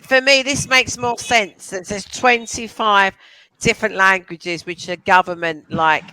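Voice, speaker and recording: A woman with a London accent works as an online English tutor, chatting casually over a video call and asking lots of questions in a chatty, encouraging way. Her mid-range voice is fairly even and measured, pushed and bright, in a rough recording with no echo.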